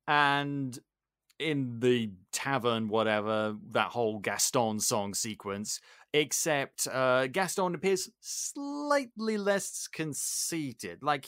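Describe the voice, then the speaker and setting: A British man hosting a podcast in casual chat, excitable and sarcastic. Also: on the high side, no room sound, studio quality. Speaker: podcast host.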